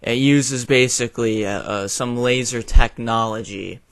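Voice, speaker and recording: Slow, blunt, swearing young man. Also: medium pitch, fairly even intonation, clean tone, no room sound. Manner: blunt, profane, frequent fillers. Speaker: video commentator. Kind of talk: opinion rant to camera.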